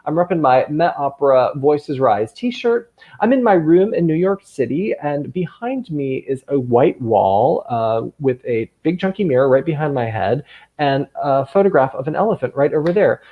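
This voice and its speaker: Excitable man hosting over a dull call. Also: a little high. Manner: excitable, gushing. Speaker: guest host, camp counselor. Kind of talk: enthusiastic video-call hosting for kids. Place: his room at home. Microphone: video call.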